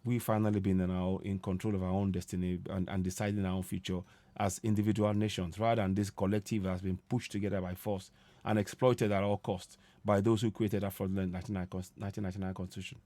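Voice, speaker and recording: A man's voice: low voice, little pitch movement, fast talker, mellow, no echo. A man hosting an online commentary show, speaking emphatically and repeating his key points. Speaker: host.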